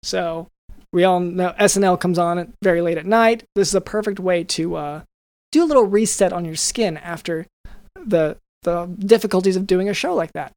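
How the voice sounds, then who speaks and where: A man's voice: high voice, moderate pace, a little mellow, no echo. A man on a podcast riffing through a sponsor read in a rambling, jokey way, with many restarts. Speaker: podcast co-host reading an ad. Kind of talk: improvised comedic ad read.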